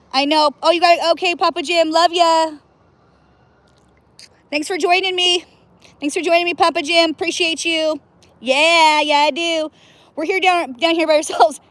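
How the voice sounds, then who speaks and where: A woman's voice: high-pitched, a bit bright, dry recording. A woman casually chatting on a livestream from outdoors by cold water, playful and laughing often, whooping now and then. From US Northwest. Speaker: livestream host.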